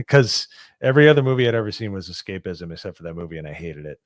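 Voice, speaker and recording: A man's voice: deep voice, big pitch swings, fast, no room sound, studio quality. A man giving blunt, opinionated takes as a guest in a casual podcast chat.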